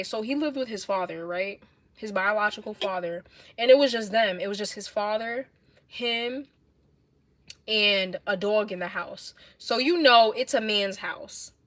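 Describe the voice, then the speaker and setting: A young woman with a New York accent, livestreaming and telling blunt, animated stories in casual chat. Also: medium pitch, dry recording. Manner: blunt, animated, swears a lot.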